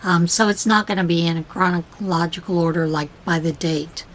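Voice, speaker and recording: A woman's voice: on the low side, steady tone, normal speed, slight background noise, low-quality recording. A woman hosting a crafting podcast, telling a rambling story full of fillers and reading a devotional aloud. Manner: chatty, storytelling with many fillers; reads devotional passages aloud. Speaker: podcast host. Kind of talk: casual rambling chat.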